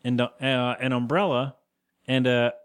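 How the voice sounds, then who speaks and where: A man's voice: medium pitch, level tone, clean tone. A man co-hosting a podcast, casually recapping a cartoon episode and briefly acting out the characters' lines. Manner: rambling, acts out character lines in quick voices. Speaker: podcast co-host.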